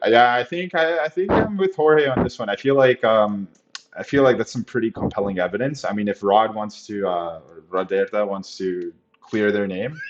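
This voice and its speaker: A fairly low male voice hosting a casual sports podcast. He talks loosely and is full of fillers. The audio is dull and lo-fi. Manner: relaxed, filler-heavy, "like" and "uh" often. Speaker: podcast host. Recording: dull lo-fi recording.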